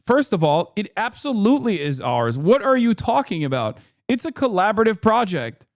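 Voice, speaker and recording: Streamer guy ranting about the news, swears a lot, kinda high voice, dry close mic. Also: normal speed, hardly any pauses, no room sound. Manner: profane, animated ranting with sarcastic asides. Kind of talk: casual political commentary stream.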